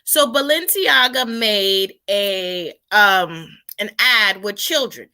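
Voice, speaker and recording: A woman's voice: medium pitch, expressive, takes it slowly, pushed and bright. A woman appearing as a guest in a casual chat, speaking bluntly and emphatically.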